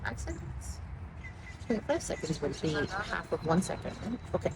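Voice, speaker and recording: A woman's voice: lowish voice, lively intonation, brisk. A woman casually telling a story outdoors near water, rambling and giggling and often distracted. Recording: noisy outdoor recording.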